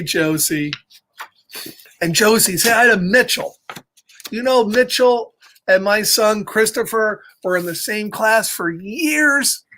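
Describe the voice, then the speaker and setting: A man's voice: high-pitched, sharp tone. A middle-aged man reading a picture book aloud to children, chatty and upbeat, laughing often and greeting viewers by name. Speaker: storybook reader for children. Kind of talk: read-aloud story time with live chat.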